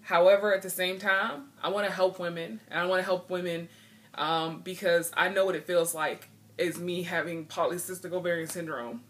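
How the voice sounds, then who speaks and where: A woman's voice: on the low side, fairly even intonation, moderate pace, slight background noise. A woman vlogging in earnest, frank talk, a bit emotional and frustrated as she speaks. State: a little emotional. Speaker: video blogger. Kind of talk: heartfelt vlog talk.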